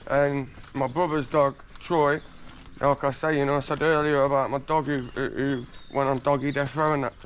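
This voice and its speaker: A man's voice: mid-range voice, little pitch movement, moderate pace, muffled recording, a little hiss or hum. A man from England telling boastful stories in a casual, slangy street interview, swearing freely while standing outdoors on a residential street.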